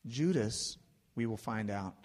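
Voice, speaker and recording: A man preaching a sermon, conversational with fillers, slowing and swelling dramatically when quoting scripture. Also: fairly low pitch, lively intonation, darkish tone. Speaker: pastor. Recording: long reverb of a hall.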